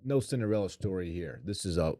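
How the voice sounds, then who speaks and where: Deep-voiced laid-back podcast man. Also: lively intonation, fast, mellow, no room sound, studio quality. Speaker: podcast co-host. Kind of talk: casual podcast chat.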